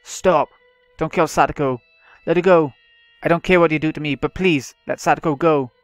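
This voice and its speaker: A man's voice: fairly high pitch, fairly even intonation, normal speed, no echo, faint music behind, pitched above the performer's own voice, lightly acted. A man reading the lines of a desperate teenage girl begging for a child's life, in an urgent, pleading way.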